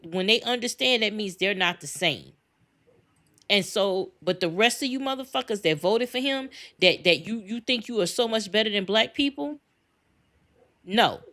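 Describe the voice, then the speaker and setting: A woman's voice: medium pitch, sharp tone. A middle-aged woman co-hosting a podcast, ranting angrily and with heavy profanity. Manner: angry, profane, emphatic. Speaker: podcast co-host. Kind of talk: heated podcast rant.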